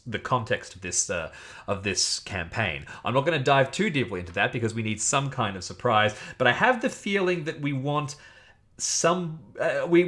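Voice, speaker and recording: A man's voice: mid-range voice, fairly bright tone. A man running a solo tabletop game on a livestream, chatting with viewers and reading the rules with enthusiasm.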